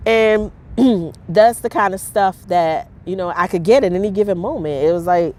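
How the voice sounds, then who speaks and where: A woman talking candidly to camera in a personal vlog, halting, with many fillers and restarts. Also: mid-range voice, a little mellow. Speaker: vlogger.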